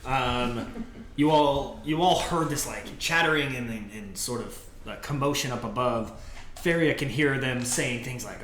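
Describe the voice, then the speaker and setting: A man's voice: mid-range voice, unhurried, a bit bright. A man narrating as game master, rambling with many fillers. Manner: rambling, lots of fillers and laughs. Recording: echoey room with faint noise.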